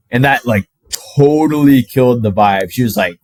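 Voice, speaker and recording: A young man telling a personal story to camera in a casual, animated way, full of "like" and the odd swear word. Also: fairly low pitch, a little fast, no room sound, rough recording. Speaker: dating coach.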